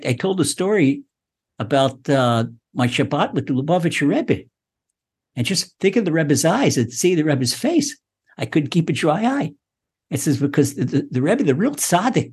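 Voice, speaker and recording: A man giving a Torah lesson with a husky, slightly breathy voice. His pitch swings widely as he teaches, and he keeps doubling back on words and acting out the people he quotes. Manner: animated, repeats words, acts out quoted speech. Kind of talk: Torah class lecture.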